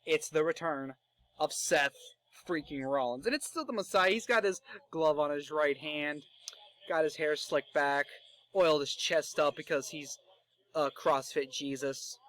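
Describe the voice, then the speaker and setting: Bright-voiced excitable young man. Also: a little high, measured pace. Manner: excitable, joking, profane. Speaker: fantasy booker. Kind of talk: casual commentary narration.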